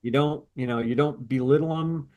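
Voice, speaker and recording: A man's voice: medium pitch, moderate pace, a little mellow. A man co-hosting a podcast, chatting casually and telling stories with quoted asides. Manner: rambling, storytelling with quoted asides. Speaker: podcast co-host. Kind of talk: casual chat.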